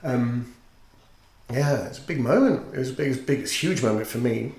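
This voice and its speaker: A man's voice: medium pitch, normal speed, darkish tone. A man who teaches and sings, a guest in a casual interview, telling his story in an earnest, reflective way. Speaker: podcast guest, teacher and singer. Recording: roomy echo with faint noise.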